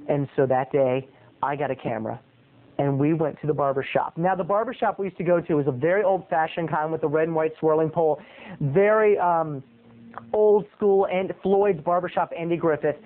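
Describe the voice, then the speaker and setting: A man who is a video blogger telling a story in an animated way and addressing his viewers directly. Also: fairly high pitch, moderate pace. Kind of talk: storytelling vlog. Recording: tinny phone-like lo-fi sound.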